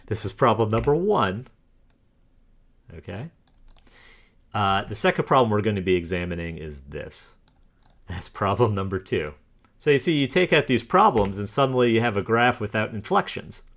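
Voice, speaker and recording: A man with a fairly low voice talks through graphs on his screen in a casual way. He argues against the claims he shows and scoffs at them, with short dismissive laughs. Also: a bit bright. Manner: scornful, argumentative, laughs dismissively. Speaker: commentator. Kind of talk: casual screen-share walkthrough.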